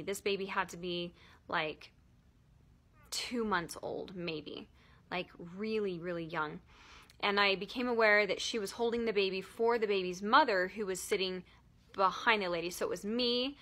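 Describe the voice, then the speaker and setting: Bright-voiced tearful woman telling a story. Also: mid-range voice. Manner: emotional, halting, many "like" fillers. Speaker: vlogger. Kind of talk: personal storytelling vlog.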